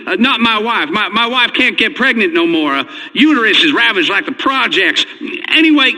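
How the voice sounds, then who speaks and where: A man's voice: very high-pitched, sharp tone, in a large hall, exaggerated voice. An actor playing a timid, stammering male caller to a talk radio show in a comedy game. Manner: stammering, nervous.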